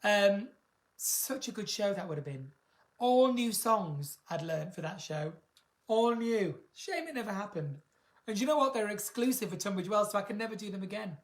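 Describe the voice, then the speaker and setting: A British woman chatting camply on a live stream from home, reading out viewer comments with big theatrical swings in pitch and loudness. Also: expressive, moderate pace. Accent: British English. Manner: camp, theatrical, reads viewer comments aloud. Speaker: singer hosting a live stream.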